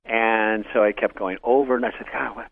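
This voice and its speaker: An older man, a real estate investor, telling animated stories in casual chat, loud when quoting people. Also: lowish voice, a little fast. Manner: animated anecdotes, voices quotes loudly. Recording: tinny phone-like radio broadcast.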